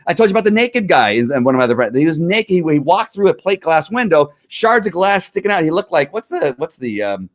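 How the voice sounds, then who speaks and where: A man's voice: a little high, a little fast, hardly any pauses. A middle-aged man, a former police officer, riled up and ranting in heated commentary, full of restarts. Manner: riled up, animated, talks over himself with restarts.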